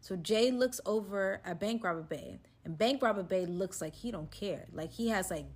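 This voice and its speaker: A woman telling a casual storytime recap in an animated, slangy way, acting out other people's lines as she goes. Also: mid-range voice, moderate pace. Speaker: storyteller vlogger.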